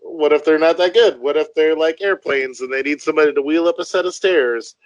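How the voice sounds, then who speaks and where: A man's voice: on the high side, brisk, dry recording, muffled recording. A man co-hosting a casual podcast chat, jokey and rambling, laughing often. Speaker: podcast co-host.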